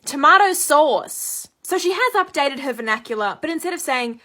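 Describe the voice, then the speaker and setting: A young Australian woman with a bright, clear, forward voice tells a lively anecdote to camera. She sits a touch above the usual pitch and slips into quick impressions of the people she is describing. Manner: lively anecdote, acts out quoted lines. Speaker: vlogger. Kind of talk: casual storytelling.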